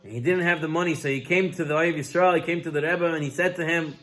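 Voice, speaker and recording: A man's voice: on the high side, fast, fairly bright tone. A man, a rabbi, telling a Hasidic story in a weekly Torah talk, acting out the characters' voices as he goes.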